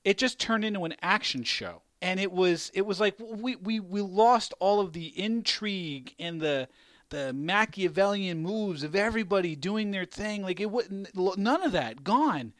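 A man hosting a casual chat, rambling and animated, swearing and laughing often. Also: high voice, normal speed, no echo, clean studio sound.

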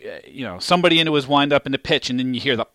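A man's voice: medium pitch, lively intonation, rapid-fire, fairly bright tone, dry recording. Podcast host guy, jokey, laughs a lot, mid voice, dry mic. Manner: laughs easily, loose and joking. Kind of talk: casual chat.

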